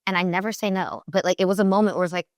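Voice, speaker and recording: A woman in her thirties, a TV personality and recording artist, chatting in an interview and telling animated stories full of fillers. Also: fairly low pitch, very fast, no echo, studio quality. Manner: chatty, animated storytelling with many "like" fillers and laughs. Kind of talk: casual interview chat.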